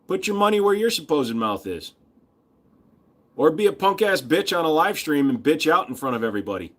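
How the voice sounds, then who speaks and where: A man's voice: on the high side, lively intonation, fairly quick, a bit bright. A man hosting a casual livestream, bantering with chat in a crude, profane, joking manner. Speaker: livestream host.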